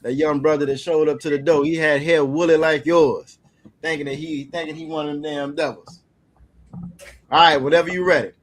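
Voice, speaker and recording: A man teaching an online class, encouraging a student and repeating words slowly for practice. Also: a little high, fairly even intonation.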